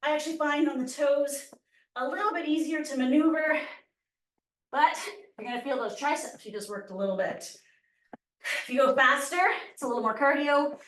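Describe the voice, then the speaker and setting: At normal speed but with long pauses, a woman with a high, slightly bright voice leads a fitness class, cueing exercises and counting reps through heavy breathing. A faint hiss or hum sits under the echoey audio, and the mic is far from her.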